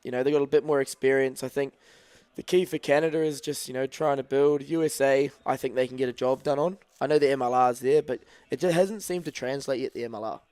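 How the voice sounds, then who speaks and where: A man co-hosting a rugby podcast, measured and analytical, talking through tactics at length. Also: medium pitch, fairly even intonation, a little mellow, smooth, no echo. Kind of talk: live watch-along sports podcast chat.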